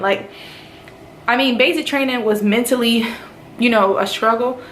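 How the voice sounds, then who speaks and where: Woman, from North Carolina, casual vlog, animated storyteller, quotes others in character, echoey room. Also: fairly high pitch. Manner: animated retelling, acts out quoted speech. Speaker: nurse in officer training. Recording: roomy echo, faint background noise.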